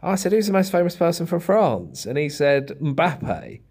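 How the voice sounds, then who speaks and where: A fairly high-voiced man who recounts his stand-up gigs with wry satisfaction. His pitch moves a lot as he acts out the exchanges with the crowd. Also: very animated, normal speed, darkish tone, husky. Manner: wry, self-pleased anecdote teller. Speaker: co-host, stand-up comic. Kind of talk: casual podcast chat.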